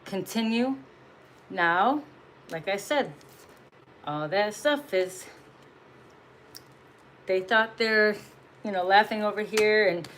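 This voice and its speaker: A woman's voice: medium pitch, takes it slowly, pauses often, a bit bright, a little hiss or hum, rough recording. A woman giving a casual spiritual message as a tarot reader, blunt and profane, laughing often and pressing her points with emphasis.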